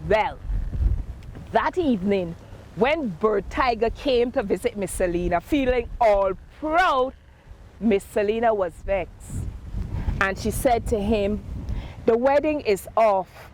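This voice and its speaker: Slow woman storyteller, windy mic. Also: mid-range voice, rough recording. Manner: lively, sing-song, dramatic pauses. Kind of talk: folk tale storytelling with singing. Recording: windy outdoor mic noise.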